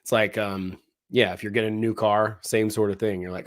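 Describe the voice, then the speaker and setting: A man with a low voice chats casually as a co-host. He talks in an animated way, slipping into quoted voices and leaning on fillers. The sound is dry and close. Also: fast talker, no room sound. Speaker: co-host, comedy show producer. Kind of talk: casual conversational chat.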